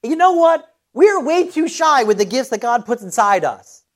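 A middle-aged man preaching a sermon in a lively, conversational way, telling a personal story with quick restarts. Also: very high-pitched. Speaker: pastor.

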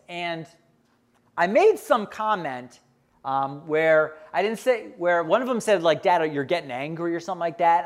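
Brief: middle-aged man, pastor, conversational sermon, lively up-and-down delivery. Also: fairly high pitch. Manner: conversational, asks the congregation questions.

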